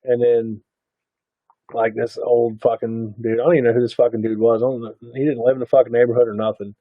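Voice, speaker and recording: A man's voice: mid-range voice, fast, no echo, phone-quality sound. A man co-hosting a casual podcast, rambling through a crude childhood story full of swearing. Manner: relaxed, profane, rambling storytelling. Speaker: podcast co-host.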